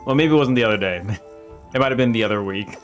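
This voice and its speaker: A man's voice: on the low side, quick pace, faint music behind. A man streaming a game, joking and laughing often as he talks to chat and scolds his game characters. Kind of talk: casual gameplay commentary.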